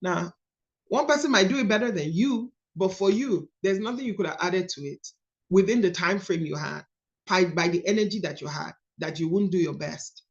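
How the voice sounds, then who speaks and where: A woman in her thirties with a Nigerian accent, leading a coaching call on a book study in a lively, emphatic teaching manner. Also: on the low side, moderate pace, highs cut off. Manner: animated, storytelling, emphatic. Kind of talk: casual teaching talk.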